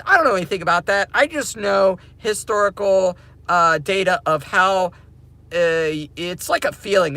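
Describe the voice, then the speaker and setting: Excitable, slangy guy vlogging to camera; high, gravelly voice, laughs a lot. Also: no room sound. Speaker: crypto mining vlogger. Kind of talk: casual rant to camera.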